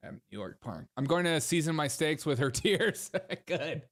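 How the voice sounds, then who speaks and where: A man's voice: a little high, animated, normal speed, few pauses, noisy background. Sarcastic male comedy podcast host. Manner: laughing, sarcastic, riffing. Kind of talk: comedic political commentary.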